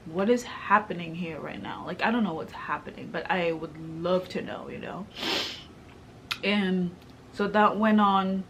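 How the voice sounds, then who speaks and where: Slow-spoken young woman, emotional. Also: on the low side, slight background noise. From Kenya. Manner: emotional, questioning, many fillers. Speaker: vlogger. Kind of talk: personal faith vlog.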